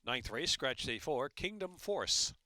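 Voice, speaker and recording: A man with an American accent calling horse races and reading track announcements in a brisk, rhythmic way. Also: mid-range voice. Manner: brisk, rhythmic, rising to a loud excited call in the stretch.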